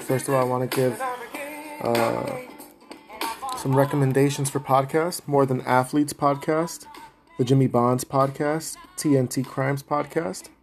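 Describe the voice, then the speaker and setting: A Puerto Rican man hosts a podcast in a loose, casual monologue. He talks from the heart and rambles through his shout-outs at an ordinary middle pitch. Faint music plays underneath. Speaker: podcast host.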